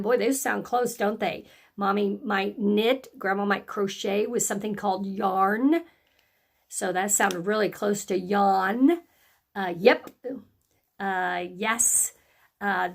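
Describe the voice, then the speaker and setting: A woman teacher leading a phonics lesson for young children, speaking slowly and encouragingly and stretching out letter sounds. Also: on the high side, vocal fry.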